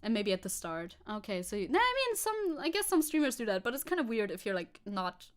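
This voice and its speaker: A woman's voice: a little high, very animated, a little fast. A woman streaming casually, rambling and self-mocking with frequent laughs and restarts, speaking English with a non-native accent. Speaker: VTuber streamer. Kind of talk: casual livestream chat reacting to a video.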